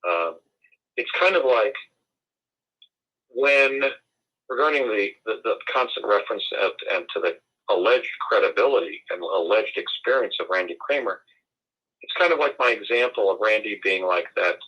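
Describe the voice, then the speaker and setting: A man's voice: fairly low pitch, expressive, moderate pace, highs cut off. A man from the United States, speaking as an interview guest in an emphatic, formal and indignant way. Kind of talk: conversational interview.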